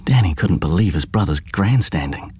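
A man narrating an audiobook in a measured, even storytelling manner. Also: low voice, husky, dry recording.

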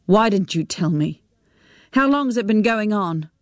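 Angry teenage son, blunt and bitter, read by a woman, slow measured delivery, dry close sound. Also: medium pitch, animated, no echo, lightly acted. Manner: curt, bitter retorts.

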